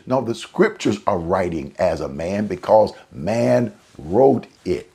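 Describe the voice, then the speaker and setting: A man preaching a sermon in a conversational way. He repeats and restarts phrases, and his pitch and volume jump up suddenly for emphasis. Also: expressive, takes it slowly, vocal fry, mellow, husky. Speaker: pastor.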